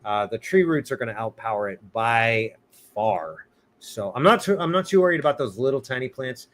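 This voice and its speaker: A man's voice: medium pitch, lively intonation, normal speed, a bit bright. A man hosts a loose live Q&A about trees, talking to viewers directly. He slips in groan-worthy puns and laughs at his own jokes. His voice sits in the middle range for a man. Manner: joking, punny, laughs often. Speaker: arborist hosting a live Q&A. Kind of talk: casual livestream Q&A.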